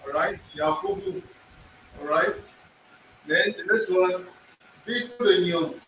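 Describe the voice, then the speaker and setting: A man's voice: high voice, measured pace, sharp tone, a little hiss or hum. A man teaching an in-person language class, drilling pronunciation, repeating words and quizzing his students. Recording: echoey room, far from the mic.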